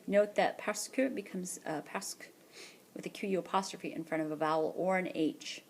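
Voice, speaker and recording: A woman teacher narrating a screencast lesson, explaining patiently and repeating French words slowly for practice. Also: fairly low pitch, darkish tone, a little hiss or hum. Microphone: tablet or headset mic for screencast voice-over.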